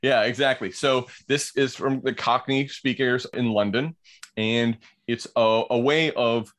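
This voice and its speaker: A man's voice: mid-range voice, fairly even intonation, measured pace, fairly bright tone. Chatty man explaining word origins. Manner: explanatory, laughs often, reads passages aloud. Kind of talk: casual podcast banter.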